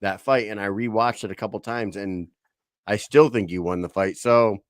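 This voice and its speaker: A lower-voiced man hosting a podcast, his voice close and dry with no room sound. He talks eagerly and trips over himself as he restarts his questions. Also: steady tone, normal speed, dry recording. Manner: enthusiastic, stumbling restarts. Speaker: podcast host. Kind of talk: casual podcast interview.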